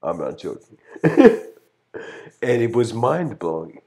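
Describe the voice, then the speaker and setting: Deep-voiced man giving a rambling lecture. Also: a little slow, a little mellow. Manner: rambling, full of "you know" fillers; reflective, philosophical musing. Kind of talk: casual livestreamed lecture.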